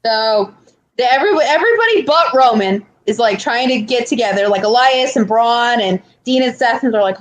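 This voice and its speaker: An animated woman co-hosting a casual podcast, telling stories and acting out the quotes. Her voice sits a little high and moves a great deal between high and low. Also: moderate pace. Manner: animated storytelling, acts out quotes. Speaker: podcast co-host. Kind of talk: casual chat.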